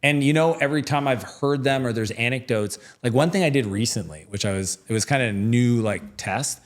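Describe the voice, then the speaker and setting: Speaking briskly in a medium-pitched voice, this middle-aged interview guest spins chatty stories in a casual conversation. He leans on plenty of fillers and performs the dialogue he quotes.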